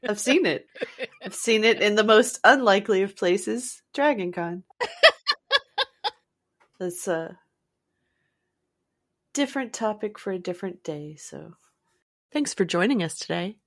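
A woman's voice: mid-range voice, sing-song, slow pace, long pauses, fairly bright tone. A woman hosting a podcast, chatting casually and then reading an upbeat sign-off with plugs. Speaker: podcast host.

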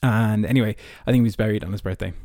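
A man's voice: fairly low pitch, racing, dark tone, dry recording, clean studio sound. A man in his early twenties with an Irish accent, a podcast host telling personal stories in a casual, rambling way full of "like" and "you know". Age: early 20s. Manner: chatty, many fillers like "like" and "you know".

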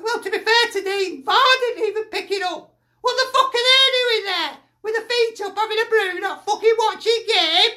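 A very high, bright-toned woman rants in exasperation, swearing freely and sighing heavily between complaints. She sounds like a fan letting off steam straight after a bad result. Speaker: fan sending in a reaction. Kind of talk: ranting fan reaction.

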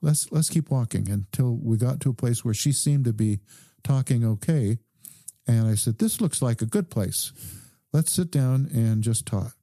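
A man, a doctor guest on a podcast, calmly telling a story and quoting the people in it. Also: medium pitch, no room sound, clean studio sound. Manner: calm, measured recounting with quoted dialogue. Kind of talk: conversational storytelling.

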